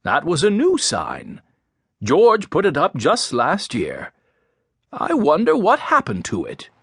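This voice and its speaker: A man reading a storybook, voicing a kindly, measured older grandfather close to his own voice. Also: fairly high pitch, huge pitch swings, creaky, fairly bright tone, breathy edge, no room sound, heavily acted.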